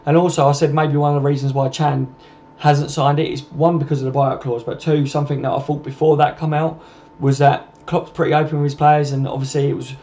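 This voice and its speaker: A man with a fairly high, mellow voice and little pitch movement hosts a casual live stream, chatting briskly with viewers, reading their comments and calling them mate. The home stream sounds dull and lo-fi, with faint noise.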